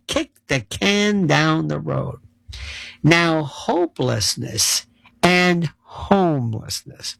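Gravelly, animated sarcastic man ranting. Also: high voice, no echo. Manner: mocking, exasperated, acts out voices of others. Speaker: commentator. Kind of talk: sarcastic monologue rant. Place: New York City.

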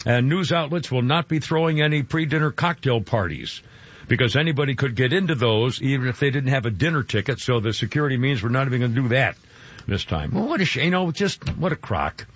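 A man's voice: medium pitch, breathy edge, no echo, highs cut off. A man hosting a radio talk show, chatting in a rambling way and exclaiming often. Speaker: radio host.

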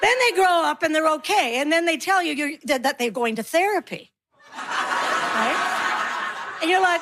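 A middle-aged woman doing a stand-up comedy set, acting out her kids and herself in animated voices. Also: high-pitched, moderate pace, pauses often, background noise.

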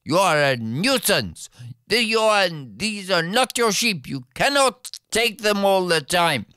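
A man voicing a brash, boastful young shepherd who shouts cocky threats. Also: sits high, sing-song, slow, clear, resonant tone, no echo, studio quality, pitched above the performer's own voice, full character voice. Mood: defiant.

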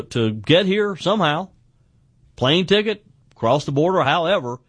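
A man's voice: a little high, fairly bright tone, no echo. A man hosting a call-in radio talk show, often stumbling and repeating words as he talks.

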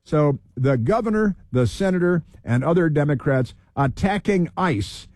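A male talk radio host speaking in a somewhat high but dark, mellow voice. He sounds heated, repeats phrases for emphasis and rattles through lists. The recording is dry and close. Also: expressive, unhurried, no room sound. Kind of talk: political talk radio commentary.

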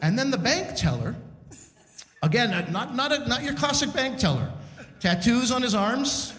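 A man with a high voice tells a stand-up story on stage, chatty and animated, slipping into the people he quotes. His voice rings through an echoey hall with a long reverb tail. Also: moderate pace. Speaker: stand-up comedy host. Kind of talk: stand-up storytelling to a live audience. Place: large community center hall on stage.

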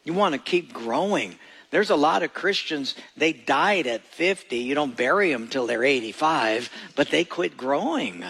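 Gravelly-voiced male pastor preaching. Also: on the high side, animated, unhurried, fairly bright tone. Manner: folksy, joking storyteller, emphatic. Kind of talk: sermon.

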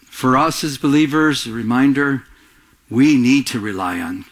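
A man preaching a sermon, animated, acting out quotes in a raised voice and often restarting his phrases. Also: mid-range voice, normal speed. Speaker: pastor.

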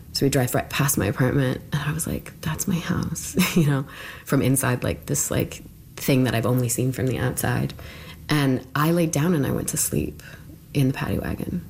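Very low-voiced woman telling her story. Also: a little mellow, slight background noise. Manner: chatty, full of "like", acts out quotes. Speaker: interviewee. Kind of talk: casual recounting of personal experience.

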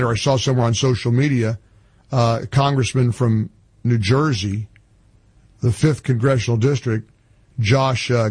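Husky talk radio host. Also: male voice, mid-range voice, dry recording. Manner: opinionated, conversational. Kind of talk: talk radio commentary and live ad read. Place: radio studio.

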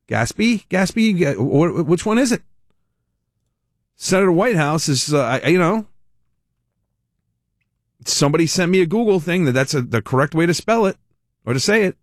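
A man's voice: a little high, lively intonation, moderate pace, pauses often, no room sound, clean studio sound. Rambling, amused male radio host. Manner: rambling, self-interrupting, amused storytelling. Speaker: radio talk show host. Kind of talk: casual talk radio chat. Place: radio studio. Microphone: studio microphone.

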